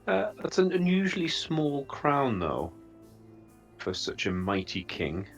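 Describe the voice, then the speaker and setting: A man voicing a genteel, smooth-talking male adventurer who speaks with overly polite, formal phrasing. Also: medium pitch, big pitch swings, takes it slowly, soft background music, pitched above the performer's own voice.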